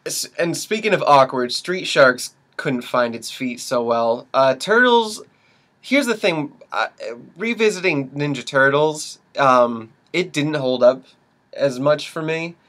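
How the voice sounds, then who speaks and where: A man's voice: fairly high pitch, slow, fairly bright tone. A young man co-hosting a podcast, chatting casually, joking and swearing as he riffs. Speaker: podcast co-host. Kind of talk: casual chat.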